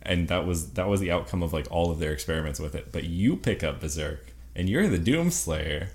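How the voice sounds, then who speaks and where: A man co-hosting a casual gaming podcast, talking with enthusiasm, laughing often and filling pauses with ums. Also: low-pitched, lively intonation. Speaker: podcast co-host.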